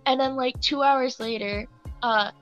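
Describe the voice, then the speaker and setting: A woman's voice: high voice, fairly even intonation, measured pace, muffled recording, soft background music. A young woman who works as a cashier, telling a story in casual chat, acting out customers and laughing along.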